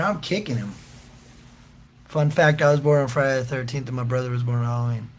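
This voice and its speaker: Speaking fairly quickly with medium pitch and fairly even intonation, a man hosts a casual livestream. He reads the chat aloud and fires back loose, slangy, joking answers, often laughing.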